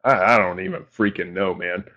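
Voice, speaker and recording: Casual male host talking to a live chat from his home desk, low voice, dull computer-mic sound. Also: steady tone, moderate pace, pushed and bright. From New England. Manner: rambling and informal, with mild slang and self-deprecating asides. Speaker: live-stream show host. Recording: dull lo-fi stream audio.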